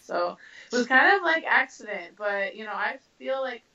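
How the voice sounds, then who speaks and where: A woman from Canada, a professional boxer, answering interview questions in a casual, animated way with many fillers. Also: fairly high pitch, moderate pace. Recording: roomy, distant, dull sound.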